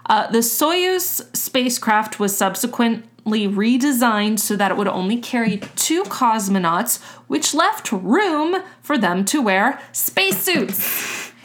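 A woman's voice: fairly high pitch, slow. Chatty woman telling a story. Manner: relaxed, chatty, swears casually. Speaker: podcast host. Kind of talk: casual storytelling chat.

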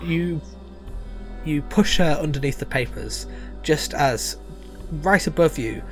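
A man running a tabletop game as game master, narrating in a halting way with many fillers. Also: fairly high pitch, animated, faint music behind. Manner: halting, full of fillers and chuckles.

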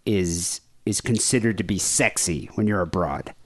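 A man's voice: low voice, normal speed. A man hosting a podcast in casual chat, rambling and self-deprecating, with a somewhat nasal voice. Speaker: podcast host.

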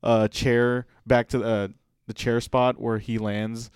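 A man co-hosting a casual podcast chat, rambling and stumbling over his words as he gets animated. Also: mid-range voice, slow, smooth, dry recording, studio quality. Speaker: podcast co-host.

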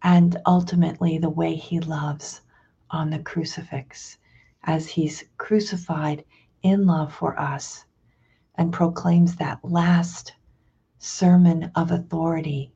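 A woman leads a prayer and scripture reflection in a low, gravelly and husky voice. She speaks slowly and thoughtfully, pausing and restarting as she goes. The recording sounds dull and lo-fi. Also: fairly even intonation, mellow. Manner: slow, reflective, with hesitant restarts. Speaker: prayer leader.

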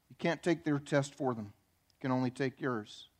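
A man's voice: medium pitch, normal speed, a little mellow. A man preaching a sermon as pastor, emphatic and repeating key phrases for effect.

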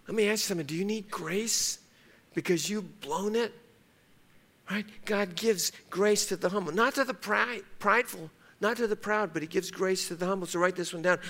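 A man's voice: high voice, bright, forceful tone. A man preaching a sermon as pastor, emphatic and fond of repeating key phrases.

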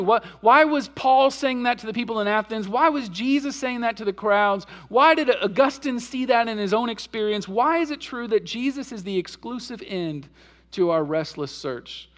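High-voiced man preaching a sermon. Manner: storytelling preacher, swings between soft low passages and louder emphatic peaks. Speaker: pastor.

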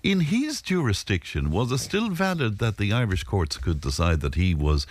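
A man's voice: lowish voice, sing-song, moderate pace, dry recording. A man interviewing a guest, asking curious, probing follow-up questions. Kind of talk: conversational interview.

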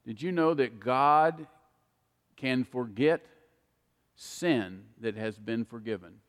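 A man's voice: medium pitch, takes it slowly, pauses often, long reverb tail. A man preaching a sermon, earnest and speaking straight to his listeners. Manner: earnest, addresses listeners directly by name.

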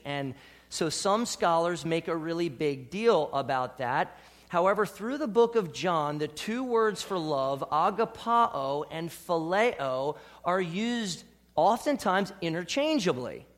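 A man preaching a sermon as pastor, dropping to soft, hushed lines and rising to bold, emphatic ones. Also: fairly high pitch, expressive, unhurried. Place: church.

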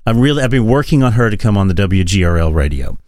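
A man co-hosting a podcast in casual political chat, profane and animated, often laughing. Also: fairly low pitch, quick pace, dry recording. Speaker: podcast co-host.

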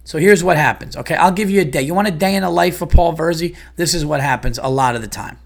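A man's voice: a little high, fast talker, creaky. A comedian and podcast host ranting in a heated, profane, exasperated monologue about his day.

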